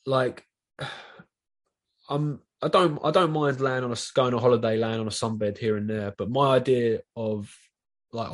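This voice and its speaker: A man with a South East London accent, chatting loosely on a podcast and swearing a lot as he rambles. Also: mid-range voice. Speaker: podcast guest. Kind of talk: casual chat.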